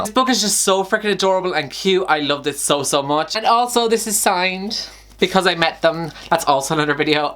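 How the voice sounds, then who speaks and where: A man's voice: a little high, bright, forceful tone. A young man chats through a book review vlog in an effusive, gushing way. He talks in a chatty style and often sighs between his thoughts. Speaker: book vlogger.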